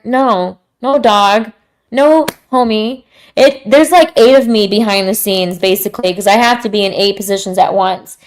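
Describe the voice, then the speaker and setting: A woman's voice: fairly high pitch, unhurried. A woman hosting a podcast, talking candidly and casually in slangy, straight-to-the-point speech. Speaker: podcast host. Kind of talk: casual talk.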